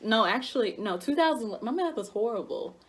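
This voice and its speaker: A chatty young woman with a fairly high voice hosts a casual mukbang video. She talks in loose, friendly bursts, laughs a lot and keeps restarting her sentences. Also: expressive, brisk. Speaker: YouTuber and host.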